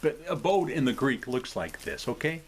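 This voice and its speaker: A man's voice: medium pitch, expressive, moderate pace, slight background noise. A man hosting a video from his home, explaining things in a casual, rambling way, often apologizing and checking in with "okay?". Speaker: video host. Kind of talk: casual explanatory talk to camera.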